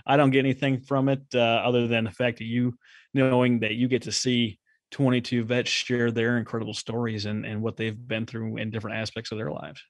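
Brisk and mid-range with little pitch movement, a man talks with no room sound as a guest on a podcast. A nonprofit consultant by trade, he keeps the interview casual and direct, packed with stories and enthusiasm.

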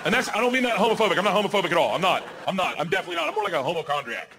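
A man in his forties doing a stand-up comedy set, telling stories loudly and jumping into the voices of his kids and friends. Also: high-pitched, very animated, racing, crowd noise, background noise. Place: comedy stage with a live audience. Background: audience laughter.

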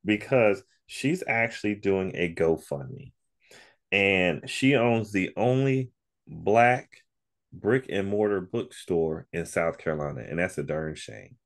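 A man's voice: deep voice, expressive, slow pace. A man guesting on a podcast, chatting casually and telling stories in a laid-back way, laughing often. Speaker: podcast guest and co-host of another podcast. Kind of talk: casual interview chat.

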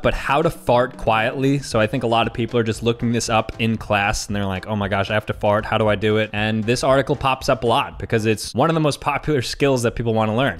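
Jokey young man hosting a vlog. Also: mid-range voice. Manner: jokey, chatty, self-mocking. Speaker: YouTuber host. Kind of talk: casual vlog tutorial.

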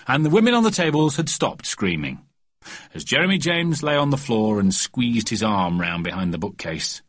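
A man narrating a children's storybook audiobook with a lively, expressive reading. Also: lowish voice, slightly rough, dry recording.

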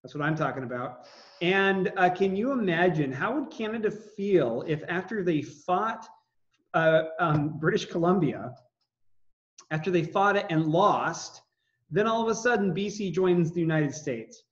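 A man's voice: high voice, lively intonation, unhurried, lo-fi sound. A man teaching a history class in a chatty, joking way, with many fillers and asides to students. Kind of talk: classroom lecture.

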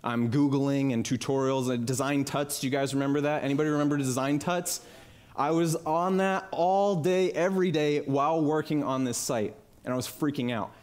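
A young man giving a conference talk, telling a personal story in a lively, casual way and acting out the voices of people he quotes. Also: a little high, normal speed. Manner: animated, acts out quoted voices. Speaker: conference speaker. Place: talk venue with live audience. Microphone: headset mic.

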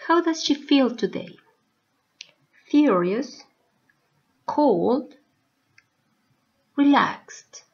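A woman teaching a recorded English lesson to young students, speaking slowly with carefully spaced words. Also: high-pitched, lively intonation. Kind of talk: slow recorded video lesson. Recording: dull lo-fi recording.

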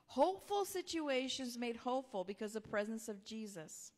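A woman pastor, telling a personal story in a sermon in a conversational way, sometimes dropping to a soft whisper. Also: fairly high pitch, very animated, moderate pace, hardly any pauses. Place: church sanctuary. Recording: long hall reverb.

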